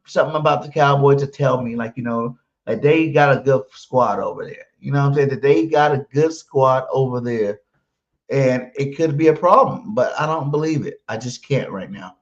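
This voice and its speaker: A man hosting a live pregame podcast, brash and emphatic, repeating his promises over and over. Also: mid-range voice. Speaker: podcast host. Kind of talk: hyped live pregame stream, reading chat. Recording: muffled lo-fi stream audio.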